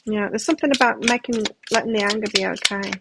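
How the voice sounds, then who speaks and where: A woman's voice: mid-range voice, steady tone, fast, gravelly, heavy background noise. A middle-aged woman giving a live tarot reading, talking in a reflective, self-help manner with frequent restarts. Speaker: tarot reader.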